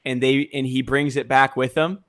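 A man's voice: medium pitch, flat delivery, moderate pace, a bit bright. A young man chatting casually, telling an idea as a story and acting out scenes with sound effects. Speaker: co-host. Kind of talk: casual brainstorming chat.

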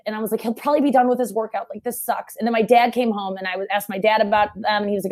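A young woman in casual chat, telling a story fast and animatedly and shouting out the quoted lines. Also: mid-range voice, level tone.

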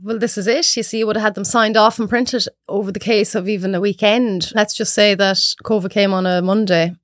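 A woman's voice: medium pitch, brisk, no room sound, clean studio sound. An Irish woman in her thirties, a podcast guest, telling stories and acting out the voices of people she quotes. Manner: animated storyteller acting out quotes. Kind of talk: casual chat.

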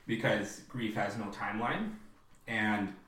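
A man co-hosting a podcast, chatting casually and acting out film lines in a high voice. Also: unhurried, a bit bright. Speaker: podcast co-host. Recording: roomy, distant mic.

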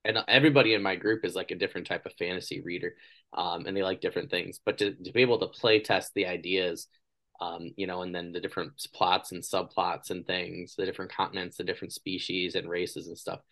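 Low-voiced guy hosting a podcast, chatty and animated, does little voices for people in his stories. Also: fast. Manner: animated storyteller, acts out quoted people. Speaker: podcast host. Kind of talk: casual interview chat.

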